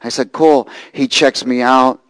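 A man preaching a sermon, reading scripture and telling a lively personal story. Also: mid-range voice, unhurried, smooth, dry recording, rough recording. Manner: animated storytelling, rising to shouts and laughter.

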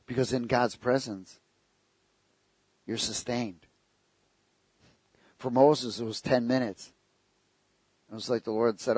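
A man's voice: mid-range voice, fairly even intonation, slow, pauses often, darkish tone, slightly rough, dry recording. A man preaching a sermon, telling stories with jokes and asking the congregation rhetorical questions.

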